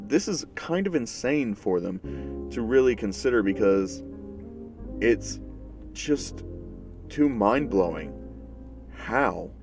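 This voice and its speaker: A man's voice: fairly low pitch, very animated, slow pace, creaky, pauses often, far from the mic, music in the background. Man rambling through a fan story. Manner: loose, rambling, filler-heavy. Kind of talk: casual fan-story narration.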